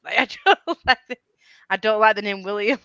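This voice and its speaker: Giggly woman, bright crisp voice. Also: medium pitch, a little fast, no echo, muffled recording. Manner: giggly, rambling. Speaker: book vlogger hosting a chat. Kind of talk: casual chat.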